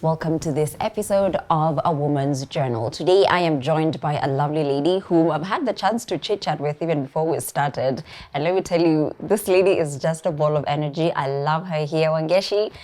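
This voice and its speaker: A woman's voice: low-pitched, moderate pace, hardly any pauses, darkish tone. A woman hosting a podcast, chatty and upbeat with frequent laughter. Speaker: podcast host. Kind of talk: casual interview chat.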